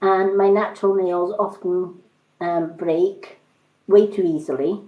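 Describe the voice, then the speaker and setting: A slow, steady-toned woman with a voice on the low side rambles through stories while selling makeup and skincare on a live stream. She's casual and leans heavily on fillers, and the recording sounds roomy and a bit dull.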